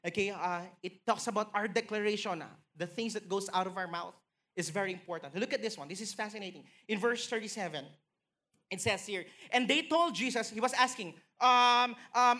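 A woman with a Filipino accent preaching a sermon in church, building to emphatic, excited peaks. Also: a little fast. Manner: animated, rising to emphatic highs, mixing in Tagalog phrases.

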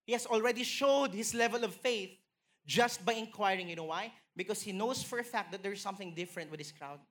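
A woman with a Filipino accent preaching a sermon in church, building to emphatic, excited peaks. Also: fast talker. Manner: animated, rising to emphatic highs, mixing in Tagalog phrases.

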